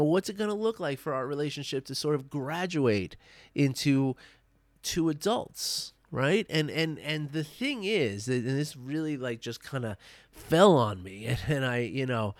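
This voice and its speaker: A man in his thirties speaking to camera in a personal vlog, earnest and halting, full of fillers and restarts, tearful and emotional as he reflects. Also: on the high side, no echo, clean studio sound.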